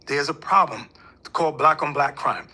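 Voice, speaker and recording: This religious leader, a man, speaks at a moderate pace during an interview, pressing his views in a preachy, emphatic way. His voice is high and piercingly bright with a husky rasp, and at times he mimics others.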